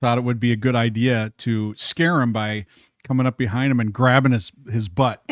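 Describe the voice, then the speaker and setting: Guy co-hosting a podcast, middle pitch, super dry sound, animated storyteller who laughs a lot. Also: moderate pace, no room sound. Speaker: podcast co-host. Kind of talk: casual chat.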